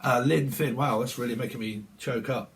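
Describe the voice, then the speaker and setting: A man's voice: mid-range voice, steady tone, moderate pace, slight background noise. A man doing a casual psychic reading, rambling through names and laughing between thoughts. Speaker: tarot reader.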